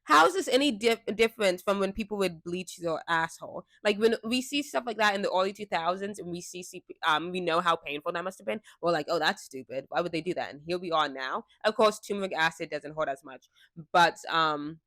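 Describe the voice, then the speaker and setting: A young woman talking casually and frankly to a fixed camera, chatty and quick to laugh. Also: lowish voice, a bit bright, no echo, clean studio sound. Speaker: vlogger. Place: indoors, seated before a fixed camera. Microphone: camera mic.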